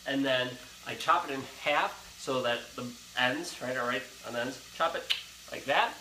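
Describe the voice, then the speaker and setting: A man's voice: mid-range voice, bright, forceful tone, slight background noise. A young man hosting a live cooking show from a home kitchen, chatty and upbeat, talking straight to his viewers. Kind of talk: casual live cooking demonstration. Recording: echoey kitchen with faint sizzling.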